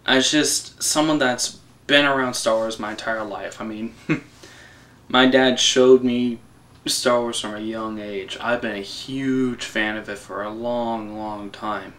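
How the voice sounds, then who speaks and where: A young man giving a casual, excitable, rambling film review, swearing and laughing as he goes. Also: mid-range voice, slow pace. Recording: voice a bit distant from the mic.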